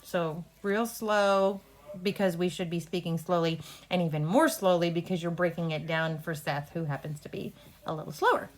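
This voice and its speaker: A woman coaching an actor through a play rehearsal in a brisk, instructive way, talking through cues and line readings. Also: on the low side, fairly even intonation. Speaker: drama coach.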